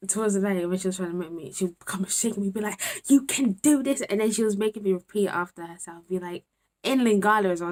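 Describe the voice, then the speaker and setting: A young woman, a student talking candidly to camera in a casual vlog, often dropping to a murmur. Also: lowish voice. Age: 20s. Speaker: university student vlogger.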